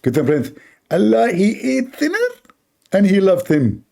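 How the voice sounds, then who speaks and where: A pompous preacher with a high, strained voice that swoops up and down, talking down to everyone and calling them stupid, as a man puts him on. The tone is lecturing and smug, with a gravelly edge. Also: huge pitch swings, unhurried, darkish tone, exaggerated voice. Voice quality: condescending, lecturing. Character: pompous shrill male Muslim preacher, insulting. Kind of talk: mocking impression in a live debate.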